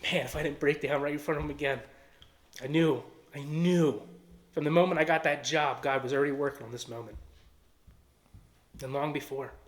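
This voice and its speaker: A man's voice: on the high side, steady tone, fairly quick, pauses often. A man with a Philadelphia-area accent giving an earnest personal testimony and acting out quoted dialogue. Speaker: testimony speaker.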